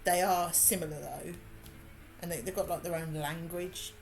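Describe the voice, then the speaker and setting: A woman's voice: on the low side, steady tone, moderate pace, creaky. A woman with a Birmingham accent, chatting casually and laughing while she works on a craft during a livestream. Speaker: livestream host.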